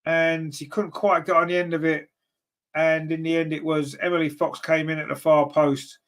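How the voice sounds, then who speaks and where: A man with a fairly high voice doing live fan commentary on a football match. He sounds partisan, grumbling about the manager's choices. His voice shoots up whenever a chance comes. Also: level tone, normal speed, a bit bright. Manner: partisan, rises sharply in pitch and volume at chances; grumbles at team choices and reads viewer comments aloud. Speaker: fan commentator and channel host.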